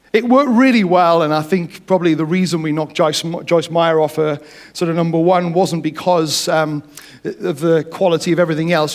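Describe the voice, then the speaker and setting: Male preacher, higher voice, lively jokey storytelling sermon. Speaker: pastor.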